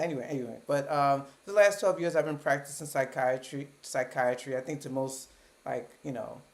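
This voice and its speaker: A woman's voice: a bass voice, normal speed. A woman in her thirties from Baltimore, a psychiatrist hosting her own live stream, talking casually at a computer webcam with joking asides about herself. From Baltimore, United States.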